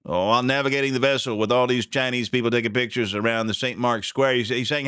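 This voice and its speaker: Rambling, chuckling talk radio host. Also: male voice, mid-range voice, fairly even intonation, fast talker, bright, forceful tone, smooth, no echo, studio quality. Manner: rambling, chuckling, folksy asides. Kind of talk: casual talk radio monologue. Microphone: studio mic.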